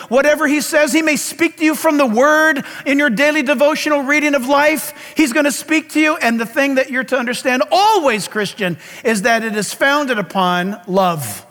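Very high-voiced, animated preacher man. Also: normal speed, few pauses, in a large hall. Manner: animated storytelling, bursts into loud calls. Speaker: pastor. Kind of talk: sermon.

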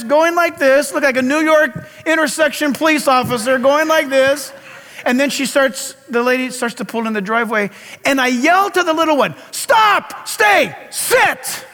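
A man preaching a sermon as pastor, telling stories in an animated way and breaking into loud calls. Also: very high-pitched, long reverb tail.

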